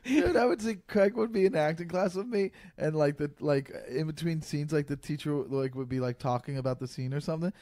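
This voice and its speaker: A man's voice: fairly high pitch, fairly quick, few pauses, darkish tone, dry recording, studio quality. A man guesting on a casual podcast, teasing his host in a loose, rambling way. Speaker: comedian guest. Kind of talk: casual chat.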